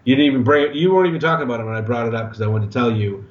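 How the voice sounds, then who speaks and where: A man in casual podcast chat, telling stories in an animated way with plenty of swearing. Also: mid-range voice, racing, slight background noise. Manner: profane, animated storyteller. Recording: echoey, dull lo-fi room sound.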